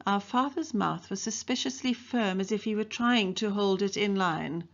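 A woman's voice: medium pitch, moderate pace, gravelly, hardly any pauses, highs cut off. A woman English teacher from South Africa reading a novel aloud to her students, lifting her voice for the characters' dialogue. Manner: reads dialogue in brighter, livelier voices for the characters.

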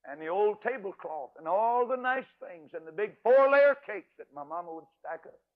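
A man's voice: sits high, animated, normal speed. Folksy older man preaching over tinny radio. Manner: folksy, emphatic, swings from loud to hushed. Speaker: evangelist preacher. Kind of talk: folksy storytelling sermon. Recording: tinny radio broadcast audio.

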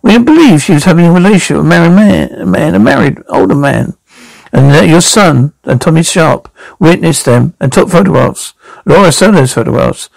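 A man's voice: on the high side, expressive, a little fast, gravelly, no room sound, rough recording. A man voicing a blunt, commanding middle-aged female police detective in an amateur radio drama reading. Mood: coaxing.

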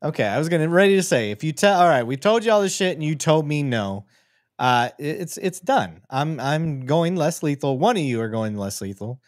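A man, a veteran police officer and podcast host, calmly explaining police tactics while watching footage live and laughing along with his co-host. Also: a little high, brisk, dry recording. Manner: easygoing, agreeable, explains tactics, laughs often. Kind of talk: casual live commentary on body camera footage.

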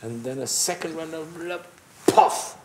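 A man's voice: medium pitch, animated, a little slow, a little mellow. An older man holds the floor at a casual panel, telling a crash story with sound effects and quoted voices. He laughs often and keeps the tale rolling. His voice echoes in a roomy space over a faint background hiss. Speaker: panel guest telling racing stories. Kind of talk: casual anecdote among friends.

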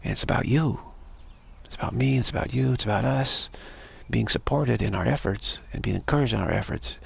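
A man's voice: medium pitch, fairly quick, creaky, fairly bright tone, husky, no echo. A man giving an unscripted spiritual talk as its teacher, repeating phrases over and over. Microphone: livestream mic.

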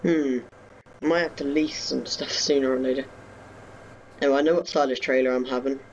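Young guy rambling over a farm sim at home, bit of gravel in the voice, chatty, pokes fun at himself. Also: medium pitch, steady tone, a little fast, lo-fi sound, slight background noise. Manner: chatty, talks to viewers while playing, self-mocking asides. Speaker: gaming YouTuber. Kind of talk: casual let's-play commentary. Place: home bedroom.

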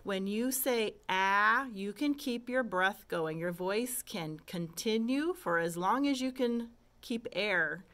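A woman talks young children through letter sounds at an unhurried pace, stretching vowels and tapping out quick consonants. Her voice is bright and ringing, and she checks in with gentle questions. She has a patient, classroom manner. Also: mid-range voice, lively intonation. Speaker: kindergarten teacher. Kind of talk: slow, patient phonics lesson for young children.

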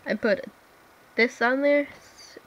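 A woman's voice: fairly high pitch, takes it slowly, muffled recording. A teenage girl rambling and giggling through a casual home vlog, self-deprecating and chatty. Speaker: vlogger. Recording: noisy old home video camera.

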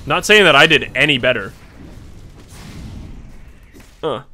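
Excitable young man with a bright voice. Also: medium pitch, slow, faint music behind. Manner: excitable, swears, laughs, yells. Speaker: gaming channel host. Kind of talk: casual gameplay commentary.

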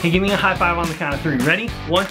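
A young man giving a playful Bible lesson for children, animated and jokey, talking straight to the kids. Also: high-pitched, very fast, music in the background.

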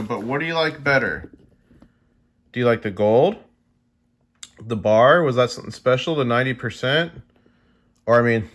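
A man's voice: mid-range voice, fairly bright tone. A young man with a mid-range voice chats casually to his audience. He is easily impressed and keeps turning to his viewers with questions and exclamations. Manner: chatty, easily amazed, talks to viewers directly. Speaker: coin collecting vlogger. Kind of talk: casual unboxing chat to viewers.

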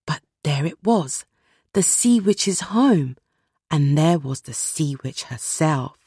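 Slow, breathy woman narrating a storybook. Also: low-pitched, lively intonation, mellow, dry recording, clean studio sound. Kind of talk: scripted read-along narration.

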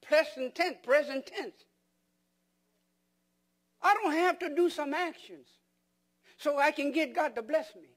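A man with a notably high voice delivers a sermon as pastor. He keeps asking the congregation questions and repeats words and restarts phrases to drive each point home. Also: lively intonation, moderate pace, pauses often. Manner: emphatic preaching with rhetorical questions to the congregation.

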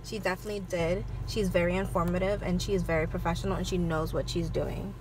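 A woman's voice: lowish voice, fairly even intonation, quick pace, noisy background. A woman chatting casually to camera in a vlog, gushing over her dog, recorded on a phone in a car and outside. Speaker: vlogger. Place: in a car and outdoors.

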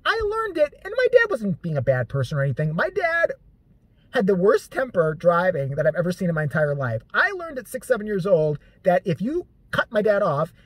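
Casual vlogger storyteller, husky and animated, swears freely, rambling comic monologue. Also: mid-range voice, a little fast, dry recording. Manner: profane, joking, rambling, self-deprecating.

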